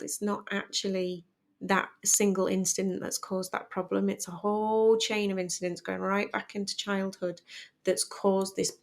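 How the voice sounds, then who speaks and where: A middle-aged woman speaking candidly and emotionally as a podcast guest about parenting. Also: mid-range voice. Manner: candid, emotional, animated storytelling. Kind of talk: personal conversation.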